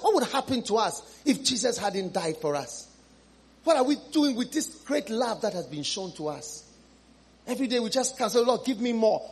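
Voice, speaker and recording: A husky-voiced man preaching a fervent sermon in a high, lively register that leaps around. He repeats his lines for emphasis and swings between ringing cries and soft, pleading appeals to the people before him. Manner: swings from loud high exclamations to low hushed appeals; repeats phrases for emphasis, pleading questions to the congregation. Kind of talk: impassioned sermon.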